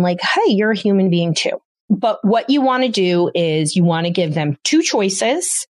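A woman's voice: mid-range voice, darkish tone, no echo. A woman hosting a parenting podcast, giving emphatic advice straight to parents. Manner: emphatic, addresses parents directly. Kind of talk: solo podcast advice talk.

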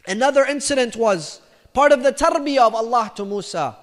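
A man giving a storytelling religious lecture, emphatic and repetitive, dropping his voice low for quoted lines. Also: lively intonation, fairly quick. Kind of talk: storytelling sermon. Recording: reverberant lecture hall.

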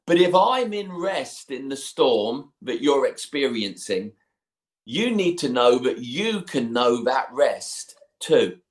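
A man's voice: medium pitch, sing-song, slow pace. A man preaching a sermon, retelling a scripture story in a conversational way, with personal asides.

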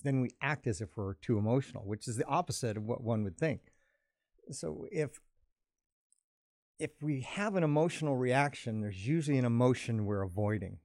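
A man talking calmly in a casual conversation, explaining his ideas at length in a reflective way. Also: mid-range voice, no room sound, clean studio sound. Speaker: podcast co-host.

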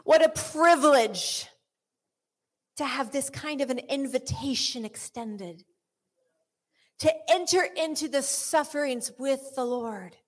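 A woman's voice: sits high, unhurried. A woman giving earnest Christian teaching with a personal story, often dropping to a whisper and restarting her sentences. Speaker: Christian speaker.

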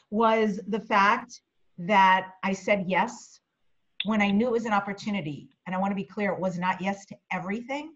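Female podcast guest, chatty and reflective, filler-heavy, slightly dull sound. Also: mid-range voice. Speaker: interview guest, media coach. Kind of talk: casual interview chat.

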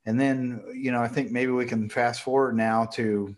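A middle-aged man in a casual conversation, talking in a halting way and getting choked up as he recalls a loss. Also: mid-range voice, fairly even intonation. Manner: halting, emotional, gets choked up.

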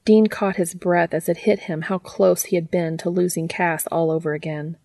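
A woman narrating a story in a calm, even reading voice. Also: on the low side, normal speed, creaky, no room sound. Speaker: fanfiction reader. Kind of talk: audiobook narration.

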